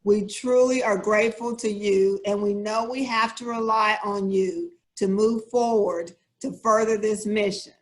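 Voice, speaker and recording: A woman hosting a program, speaking deliberately as she leads a pledge. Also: mid-range voice, steady tone. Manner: slow, measured, deliberate. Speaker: CEO and program host. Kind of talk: speech leading a pledge.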